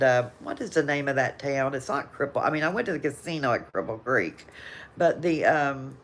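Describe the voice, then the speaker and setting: An older woman with a Southern American accent, hosting a casual live chat and reading viewer comments, rambling and laughing often. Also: low voice. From Southern United States. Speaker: livestream host.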